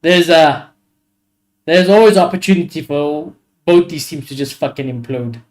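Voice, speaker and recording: A young man hosting a live football watchalong, reacting excitably to the play and swearing freely. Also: a little high, normal speed. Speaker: watchalong host.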